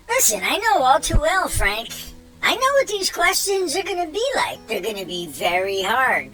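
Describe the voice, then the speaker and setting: Picture a performer doing a long-winded robot buddy, a high and very lively voice that swoops up and down as it preaches. He takes his time, drawing words out slowly. Clear music plays under him throughout. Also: heavily acted, poor audio. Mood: preachy. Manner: long-winded, animated, mocking. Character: chatty, hyped-up male robot buddy.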